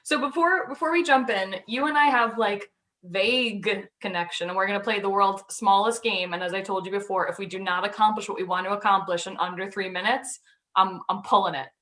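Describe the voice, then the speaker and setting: Woman host, bright and chatty, jokey and irreverent. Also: mid-range voice, brisk. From Long Island, New York. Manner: chatty, joking, swears casually. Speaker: podcast host. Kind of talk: casual chat.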